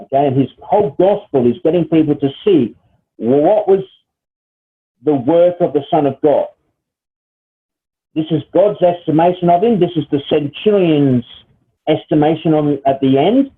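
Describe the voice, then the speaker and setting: A man's voice: fairly high pitch, moderate pace, pauses often. A man teaching a Bible study lesson, explaining step by step and often checking in with "all right?" and "okay?". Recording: tinny phone-like sound.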